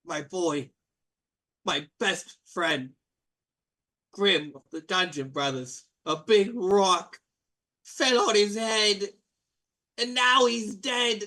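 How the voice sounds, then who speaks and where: A man's voice: high-pitched, slow pace, long pauses, pushed and bright, voice pushed up, exaggerated voice. A man voicing a brash, pushy male water fey tavern keeper with a Long Island accent. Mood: rambling. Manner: pushy, rambling, interrupts others.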